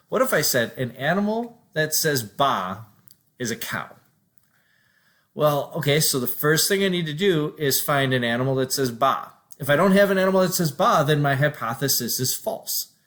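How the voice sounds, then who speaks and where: A man with a slightly higher voice talks through a math lesson. He sounds conversational, thinking aloud as he works through examples for his class. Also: fairly bright tone. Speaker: teacher.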